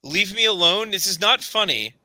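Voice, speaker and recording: A man voicing a terrified young male camper who pleads and shouts in a tabletop horror game. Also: high voice, expressive, normal speed, no echo, voice pushed up, heavily acted. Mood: annoyed, nervous. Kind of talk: tabletop horror role-play.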